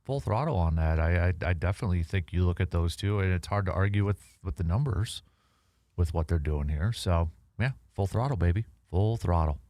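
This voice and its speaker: A man hosting a casual sports radio show, animated and halting with fillers and restarts. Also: sits low, no room sound, studio quality. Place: radio studio.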